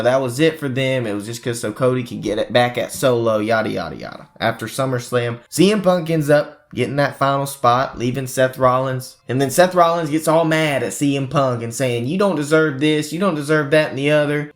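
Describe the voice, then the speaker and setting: A man hosting a casual wrestling prediction chat, recapping storylines in an animated way. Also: medium pitch. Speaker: wrestling podcast host.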